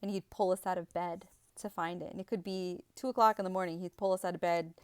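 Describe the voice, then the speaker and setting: A young adult woman telling a personal story in a halting way, with many fillers and restarts. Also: fairly low pitch, steady tone, a little mellow, smooth, no echo, clean studio sound. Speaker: spiritual vlogger.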